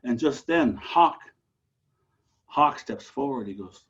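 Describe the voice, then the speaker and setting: Animated male storyteller, muffled call audio. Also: medium pitch, takes it slowly, pauses often, breathy edge. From Alaska. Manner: animated, rises and drops dramatically. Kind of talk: telling a traditional story aloud.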